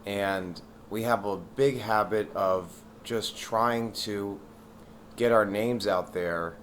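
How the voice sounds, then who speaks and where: Lower-voiced man, earnest advice. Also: slow, slight background noise. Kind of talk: earnest talk to camera.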